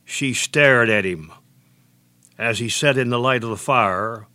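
A man preaching a sermon at a middle pitch, deliberate and steady. He slows right down to weigh each verse he quotes. The sound is dry and close, with no room echo. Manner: measured, deliberate preaching with slowed emphasis on quotations.

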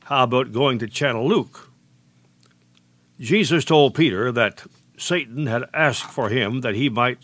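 A man preaching a sermon at a middle pitch, deliberate and steady. He slows right down to weigh each verse he quotes. The sound is dry and close, with no room echo. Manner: measured, deliberate preaching with slowed emphasis on quotations.

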